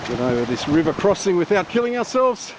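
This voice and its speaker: A man's voice: high-pitched, sing-song, a little fast. Chatty man on a bushwalk. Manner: chatty, self-narrating on the move. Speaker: bushwalking vlogger. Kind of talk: casual outdoor vlog. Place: outdoors in bush gorge by a waterfall. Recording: muffled camera audio with outdoor noise.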